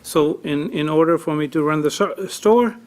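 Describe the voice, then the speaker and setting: A fairly high-voiced man makes his case before a tax board. He speaks haltingly, packing his story with fillers, and grows emotional as he goes. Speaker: petitioner at a tax appeal hearing. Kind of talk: unscripted testimony.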